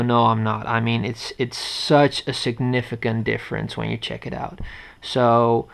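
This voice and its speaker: A man with a Dutch accent, speaking off the cuff in a smooth, resonant voice at a mid pitch. He rambles and restarts his sentences often as he reviews a gadget into a head-mounted action camera. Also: little pitch movement, normal speed. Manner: rambling, with many fillers and restarts. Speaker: tech reviewer. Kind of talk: unscripted casual review.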